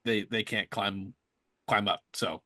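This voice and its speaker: A man with a bright, forceful voice talks as a podcast guest in a studio. He weighs his points slowly and pauses often with little fillers. His delivery is casual and considered. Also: on the low side. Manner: thoughtful, measured, with frequent hesitations.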